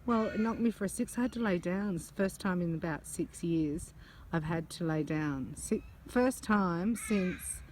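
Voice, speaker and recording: A woman's voice: on the low side, normal speed, a little hiss or hum. Chatty woman telling a story. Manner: chatty, animated, laughs mid-story. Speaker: psychic channeler. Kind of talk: casual storytelling vlog. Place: outdoors among butterflies.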